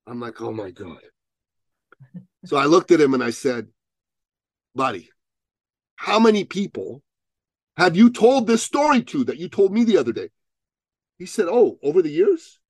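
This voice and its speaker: A man telling a story as a podcast guest, acting out both sides of the dialogue with rising, loud peaks. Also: fairly high pitch, big pitch swings, moderate pace, pauses often, no echo, clean studio sound. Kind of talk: animated storytelling in an interview.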